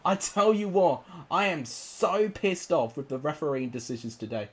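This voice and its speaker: A man's voice: fairly high pitch, animated, moderate pace, breathy edge. A young man commentating live on his football game, frustrated and exclamatory, cursing at his players. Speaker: gaming YouTuber.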